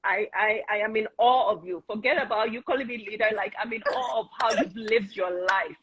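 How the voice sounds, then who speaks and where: A woman's voice: medium pitch, brisk, fairly bright tone, slightly rough, no echo. A woman in her forties from Nigeria, a guest chatting casually and praising her host with emotion. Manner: effusive, emotional praise with laughter. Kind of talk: casual conversation. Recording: dull, muffled sound.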